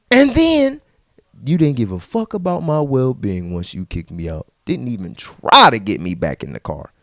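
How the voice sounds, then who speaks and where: A man ranting casually to camera in a vlog, slangy and repetitive, dropping to low mutters and jumping to high outbursts. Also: no echo, clean studio sound. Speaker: vlogger.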